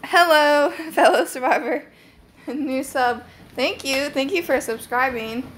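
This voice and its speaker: A woman's voice: high voice, takes it slowly, a bit bright. A young woman hosting a casual live stream from home on her phone, rambling and chatty with lots of "like" fillers.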